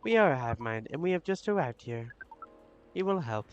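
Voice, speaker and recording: A man's voice: mid-range voice, normal speed, lo-fi sound, soft background music, close to an everyday voice. A man voicing an alien hive-mind creature who speaks formally as "we". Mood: insistent. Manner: flat, formal, collective speech.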